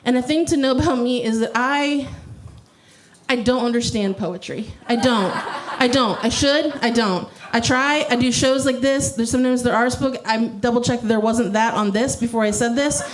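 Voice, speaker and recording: Young woman stand-up, dry self-deprecating wit, mock slam-poetry cadence, slightly higher voice. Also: normal speed, a little hiss or hum, rough recording. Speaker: stand-up comedian. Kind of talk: stand-up comedy.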